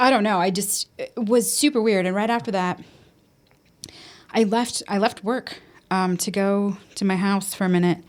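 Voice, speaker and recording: Woman telling a story, laughing nervously. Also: medium pitch. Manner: conversational, frequent ums, casual swearing. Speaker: podcast host. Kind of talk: casual storytelling.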